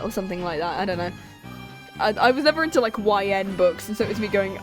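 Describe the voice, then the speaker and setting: A woman's voice: mid-range voice, expressive, normal speed, over music. A young woman streamer giving casual, sarcastic let's-play commentary, swearing freely. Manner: chatty, swearing, sarcastic asides.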